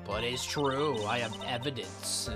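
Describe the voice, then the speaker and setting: A man's voice: medium pitch, measured pace, natural voice. A man voicing a gossipy, foul-mouthed old woman witness in a fan dub of a video game, rambling and indignant. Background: loud game music.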